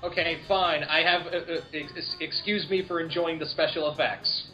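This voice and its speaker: An enthusiastic man co-hosting a podcast, his voice a bit higher than most, gushing as he stumbles through fillers. The audio sounds a little dull and lo-fi, with faint music underneath. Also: steady tone, moderate pace, bright, forceful tone. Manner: enthusiastic fan, lots of uh fillers. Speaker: podcast co-host. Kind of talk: casual chat.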